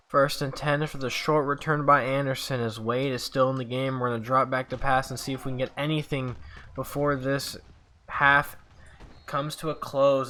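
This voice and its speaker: A man's voice: medium pitch, bright, forceful tone. A man giving sportscaster-style play-by-play of a video game he is playing, often slipping into frustrated venting with sighs. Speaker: gamer doing play-by-play of his own game. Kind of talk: casual video game commentary.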